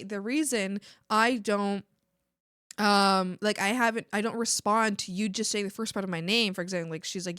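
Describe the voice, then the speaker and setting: A young woman chatting casually while streaming her art, animated, swearing freely and laughing often. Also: fairly high pitch, no echo, clean studio sound. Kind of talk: casual chat while drawing.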